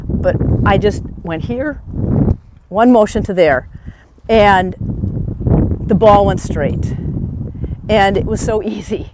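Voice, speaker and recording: A woman's voice: medium pitch, expressive. A middle-aged woman golf pro telling personal stories at a teaching seminar, emotional and laughing often. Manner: emotional, laughs often, slow reflective pace. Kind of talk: personal anecdotal presentation. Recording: noisy outdoor recording.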